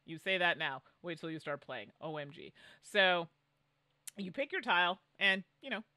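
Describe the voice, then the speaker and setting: A woman's voice: on the low side, animated, moderate pace, bright, forceful tone, dry recording. A woman from Canada co-hosting a podcast, chatting casually about board games and laughing often. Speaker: podcast co-host.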